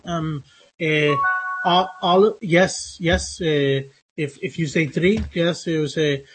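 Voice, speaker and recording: A man's voice: fairly high pitch, fairly even intonation, takes it slowly, music in the background. A man teaching English phonetics in a lecture, speaking with many hesitations, fillers and restarts. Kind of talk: online lecture.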